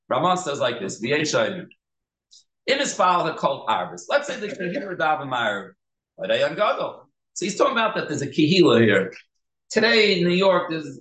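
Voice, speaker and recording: Guy giving a torah shiur in yeshivish english, mid pitch, goes over it slow, roomy echo. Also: fairly bright tone. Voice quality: Yeshivish English with Hebrew and Yiddish terms. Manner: explains step by step, repeats key points. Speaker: rabbi teaching a halacha class. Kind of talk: Torah class lecture.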